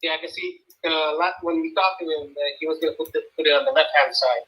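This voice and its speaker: A man's voice: fairly high pitch, steady tone, fast talker, sharp tone, poor audio. A man, a homeowner, asking hesitant questions about where the pool equipment will go. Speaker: homeowner client. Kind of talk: casual client meeting.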